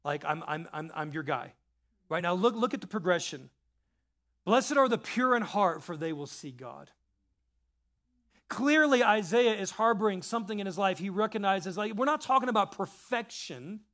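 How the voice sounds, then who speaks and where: A man preaching a sermon in an animated, conversational way, reading scripture and adding casual asides. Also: high voice, moderate pace. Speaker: pastor.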